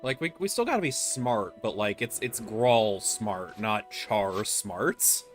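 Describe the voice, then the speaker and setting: A man's voice: lowish voice, lively intonation, slow, soft background music. A man chatting casually while guiding a friend through a co-op game, patiently explaining mechanics step by step. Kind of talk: casual gameplay chat.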